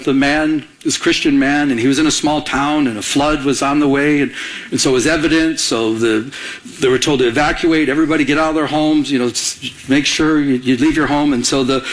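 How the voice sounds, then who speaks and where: A man's voice: a little high, fairly bright tone. A man preaching a conversational sermon, asking the congregation to fill in words and acting out the people in his stories. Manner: conversational preaching with call-and-response questions; acts out characters in anecdotes with a raised voice. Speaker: pastor.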